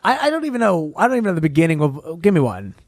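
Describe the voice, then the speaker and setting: Podcast co-host, male, high and lively, joking, dry close studio mic. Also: racing, no room sound. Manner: animated, joking, self-deprecating. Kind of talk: casual chat.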